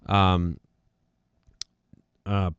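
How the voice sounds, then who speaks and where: A man's voice: deep voice, flat delivery, very slow, clear, resonant tone, dry recording, muffled recording. A man hosting a podcast, talking in a casual, rambling and profane way while congested from allergies. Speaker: podcast host. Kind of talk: casual solo rant.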